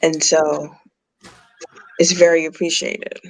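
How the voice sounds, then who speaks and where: Flat-toned man, dry close sound. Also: a little high, takes it slowly, vocal fry, no echo, poor audio. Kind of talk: casual group chat.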